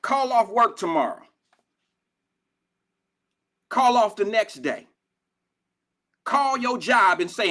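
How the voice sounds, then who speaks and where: Slow and prone to frequent pauses, this man's high voice still has lively intonation and a pushed, bright edge. He's a middle-aged talk show host from Cincinnati, USA, ranting fierily, profanely and confrontationally at his critics during a live call-in show.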